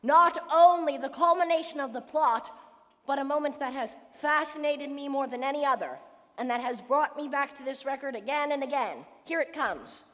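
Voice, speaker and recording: A chatty, lonely man in middle age confides his musings straight to the audience, as a young woman plays him on a school stage. The voice sits fairly high and carries a long hall reverb from the auditorium. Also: normal speed, fairly bright tone. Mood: wistful. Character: lonely middle-aged male theatre fan, wistful and chatty. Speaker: narrator character. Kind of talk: school stage musical acting.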